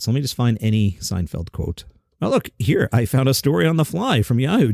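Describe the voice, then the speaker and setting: A man's voice: mid-range voice, darkish tone, no echo, clean studio sound. A man hosting a comedy news show, reading headlines with wry, rambling, self-deprecating asides. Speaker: podcast host.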